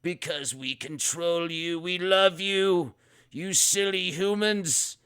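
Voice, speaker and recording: A man's voice: takes it slowly, fairly bright tone, clean tone. A man voicing a female android robot that theatrically threatens to wipe out humanity. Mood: mock-loving. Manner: shrill, theatrical villain voice.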